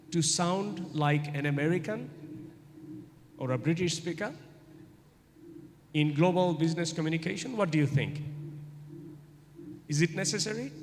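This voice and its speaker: Middle-aged male guest lecturer, slightly higher voice, repetitive and questioning, reverberant hall. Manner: asks the audience rhetorical questions and repeats points for emphasis. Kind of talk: university lecture. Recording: echoey hall, faint ambient noise.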